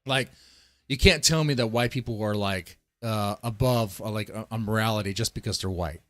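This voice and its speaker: A man's voice: lowish voice, moderate pace, a bit bright, no room sound. A man streaming live, rambling through casual, profane commentary and talking straight to his chat. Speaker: streamer reacting to a video.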